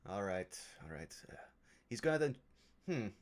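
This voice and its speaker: A man playing a tabletop game, describing his character's actions in a halting, self-correcting, sheepish way. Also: lowish voice, big pitch swings. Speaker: player. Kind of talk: tabletop role-play narration.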